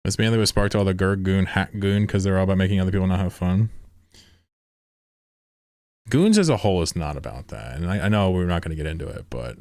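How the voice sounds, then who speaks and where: Deep-voiced man chatting casually while streaming. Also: lively intonation, a little fast, a little mellow, no room sound, clean studio sound. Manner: loose, rambling, profane, laughs often. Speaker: game streamer. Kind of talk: casual live-stream chat while gaming.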